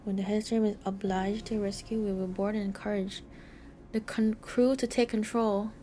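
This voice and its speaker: A woman's voice: medium pitch, level tone, normal speed, dark tone, slight background noise, natural voice. A woman doing a firm strike leader. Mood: commanding. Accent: Mexican Spanish accent put on. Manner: firm, commanding speech. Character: defiant strike leader rallying miners. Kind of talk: reading game dialogue aloud.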